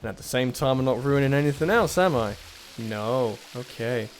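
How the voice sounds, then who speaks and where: With slight background noise behind him, a man offers animated, moderately paced puzzle-game commentary in a mid-range voice. He mutters while figuring things out, makes self-deprecating remarks, and erupts in sudden frustration.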